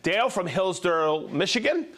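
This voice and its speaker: Male live-show host, playful and energetic, high and animated voice. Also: normal speed. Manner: energetic, playful, reading out viewer names. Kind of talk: live show shout-outs.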